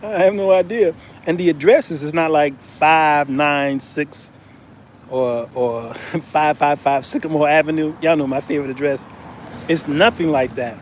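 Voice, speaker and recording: A man's voice: a little high, fairly even intonation, measured pace, slight background noise. An American man hosting a casual travel vlog, telling a story with laughter and calling his viewers "y'all.". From United States. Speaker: vlogger, show host.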